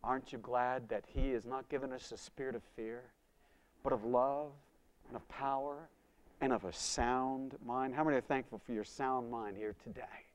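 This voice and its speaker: A man's voice: medium pitch, steady tone, normal speed. Dramatic male preacher telling a testimony. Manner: dramatic storytelling with wide swings in loudness. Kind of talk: sermon testimony.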